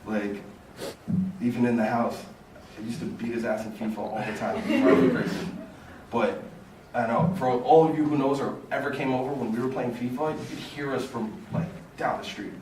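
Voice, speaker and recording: A young man giving an informal memorial speech as a fraternity brother, halting and full of fillers like "like" and "you know". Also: medium pitch, fairly even intonation. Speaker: eulogy speaker, fraternity brother. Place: large echoey hall at a memorial. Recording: echoey hall, distant voice, room noise.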